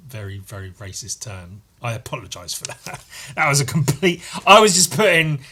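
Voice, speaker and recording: A young British man chats through a solo podcast in a rambling, off-the-cuff way. He turns sarcastic and swears freely, and he jumps into high silly voices for his jokes. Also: big pitch swings, moderate pace, bright, forceful tone, slight background noise. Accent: British English. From Britain. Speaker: podcast host. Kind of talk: casual solo podcast chat.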